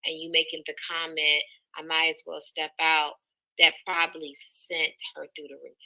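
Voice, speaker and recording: A woman interviewing a guest, calmly probing and pushing back on his answers. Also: deep voice, normal speed, creaky, low-quality recording. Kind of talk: interview questions.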